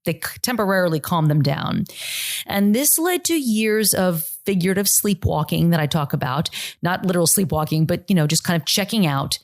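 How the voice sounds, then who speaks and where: A woman in her forties speaks in a somewhat low voice as a podcast host. She tells personal stories in an earnest, reflective way and often restarts her sentences. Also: expressive, moderate pace. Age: 40s. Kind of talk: personal storytelling monologue.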